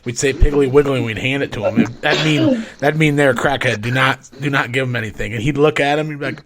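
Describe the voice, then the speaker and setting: A man's voice: mid-range voice, fast talker, few pauses, noisy background. A man telling a profane story in casual podcast chat, acting out the people he quotes.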